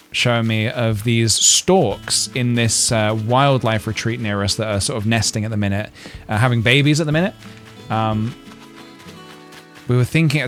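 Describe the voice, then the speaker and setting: A man's voice: medium pitch, a bit bright. A man, streaming a game and chatting casually in a playful, rambling way full of jokes and fillers. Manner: playful, jokey, rambling with frequent laughs and fillers. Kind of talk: casual gameplay livestream chat.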